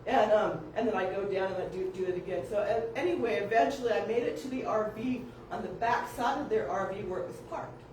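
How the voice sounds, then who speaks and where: A woman casually telling family stories, animated, acting out voices and laughing often. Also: medium pitch, brisk, background noise. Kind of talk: casual storytelling. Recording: echoey room, distant mic.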